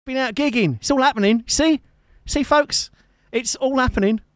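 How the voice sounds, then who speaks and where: Speaking at a moderate pace in an extremely high voice, a male guitarist runs a live music stream from home, bantering with viewers in a jokey, teasing way and tossing in fond remarks. The recording is studio quality with no echo.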